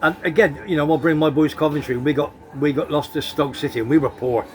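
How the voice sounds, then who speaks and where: A man's voice: on the high side, fairly even intonation, fast talker, slight background noise. A man hosting a casual football chat show, talking in a chatty, rambling way with restarts. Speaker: host. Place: home in Tenerife.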